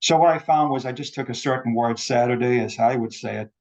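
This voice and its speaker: A man's voice: medium pitch, fast, a little mellow. A man giving an explanatory academic talk over a video call, repeating words to demonstrate sounds. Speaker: invited speaker on accents. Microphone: video call microphone. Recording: dull lo-fi video call audio.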